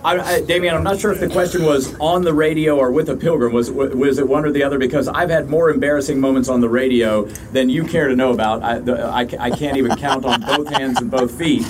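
A man's voice: mid-range voice, fairly even intonation, fast, background noise. A man hosting a live radio show outdoors in front of an audience, chatty and upbeat, laughing along with his co-host. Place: outdoors on a river cruise ship deck.

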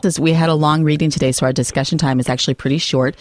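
A woman hosting a Catholic radio discussion program, talking in an expressive, earnest, emphatic way. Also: low voice, racing, few pauses, dry recording, studio quality. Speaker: radio host.

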